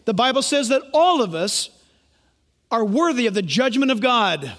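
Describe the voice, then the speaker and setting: A man's voice: very high-pitched, sing-song, moderate pace, fairly bright tone. A man preaching a sermon as pastor, emphatic and questioning the congregation. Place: church sanctuary. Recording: long hall reverb.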